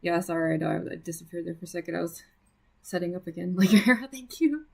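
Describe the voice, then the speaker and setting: A woman's voice: fairly low pitch, animated, brisk, vocal fry. A young woman streaming live as she draws, chatting casually with viewers, full of fillers and little laughs. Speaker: livestreaming artist. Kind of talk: casual livestream chat.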